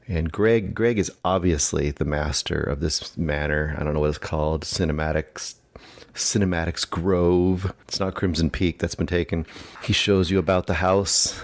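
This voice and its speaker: A man with a very deep voice muses aloud in a solo podcast segment, drifting into an improvised story. He talks in a wry, hesitant, rambling way. The sound is dry and close. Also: steady tone, unhurried, dry recording. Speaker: podcast contributor. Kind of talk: musing monologue, rambling storytelling.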